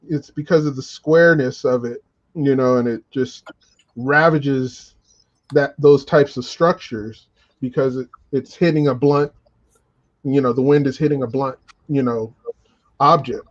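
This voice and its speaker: A laid-back man chatting casually, laughing often and filling pauses with ums. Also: mid-range voice, steady tone, muffled recording. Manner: laid-back, laughs a lot, many fillers. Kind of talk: casual chat.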